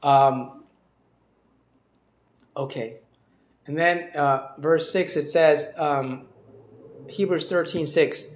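Male Bible teacher, slightly higher voice, halting delivery full of ums and restarts. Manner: hesitant, many fillers and restarts. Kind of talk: informal Bible study talk.

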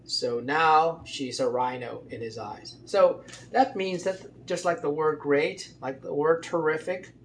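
Guy rambling through political talk, lotsa ums, slightly higher voice, faint noise. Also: measured pace. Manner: rambling, many fillers and restarts. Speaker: political commentator. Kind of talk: casual political commentary.

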